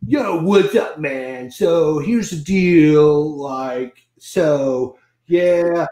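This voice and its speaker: A man's voice: on the high side, very slow, dark tone. A man voicing a laid-back Californian dude with a put-on accent, drawling lazily. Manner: drawling, lazy and casual.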